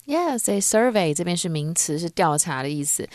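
A woman's voice: on the low side, big pitch swings, normal speed, a little mellow, no echo, studio quality. A woman from Taiwan co-hosting a language lesson, explaining English words, often laughing. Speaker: co-host teacher.

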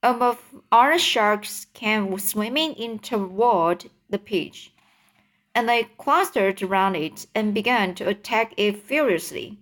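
A woman reading a children's book aloud, halting, with slips and self-corrections. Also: mid-range voice, expressive, a bit bright. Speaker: reader.

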